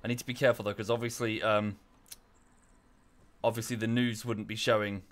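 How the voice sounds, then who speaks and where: Bright-toned chatty male streamer. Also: lowish voice, level tone, fairly quick. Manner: rambling, many fillers and restarts, thanks chat viewers. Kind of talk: casual live-stream chat.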